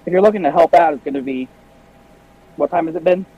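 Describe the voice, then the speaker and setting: A man plays an easygoing male character in a tabletop game, talking in a relaxed drawl. The recording is dull and lo-fi. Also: a little high, fast talker, husky. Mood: offhand. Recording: dull lo-fi audio.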